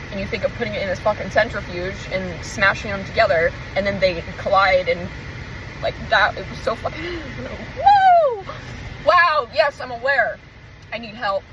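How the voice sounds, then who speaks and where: A woman with a medium-pitched voice talks in a casual confessional vlog, emotional and rambling, swearing freely as she searches for words. Background noise is audible.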